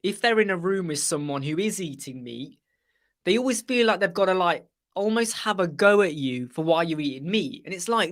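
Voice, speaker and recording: A man's voice: sits high, lively intonation, normal speed, fairly bright tone. A man hosting a live web chat, rambling casually and mimicking other people's voices as he tells anecdotes.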